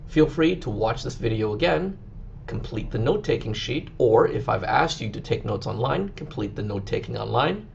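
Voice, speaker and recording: A man teaching a recorded lesson, explaining things clearly and slowing down now and then to demonstrate. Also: mid-range voice, expressive, a little mellow, muffled recording, a little hiss or hum. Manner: clear, instructive, with occasional slow deliberate demonstrations.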